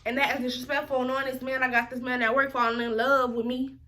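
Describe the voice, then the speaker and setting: A woman's voice: high-pitched, little pitch movement, fast, sharp tone. A woman, telling a story in a casual vlog and mimicking other people's voices as she quotes them. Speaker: vlogger.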